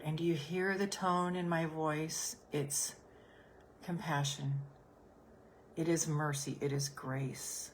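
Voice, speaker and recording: A woman podcast host and business coach leading listeners through a gentle healing exercise, soothing and repetitive. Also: low voice, fairly even intonation, slow pace, slight background noise. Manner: soothing, gentle, repeats phrases softly.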